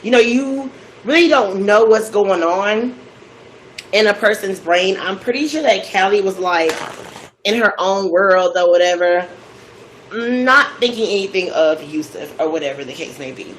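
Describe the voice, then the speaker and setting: A woman's voice: mid-range voice, unhurried, slight background noise, poor audio. Chatty woman recapping a story. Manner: chatty, with animated quoted voices. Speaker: cooking vlog host.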